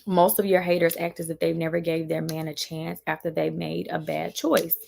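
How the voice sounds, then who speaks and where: Gravelly young woman chatting live. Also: deep voice, normal speed, slight background noise. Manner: animated, mimics others in raised voices. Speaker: vlogger on a live stream. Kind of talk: casual live chat answering viewers.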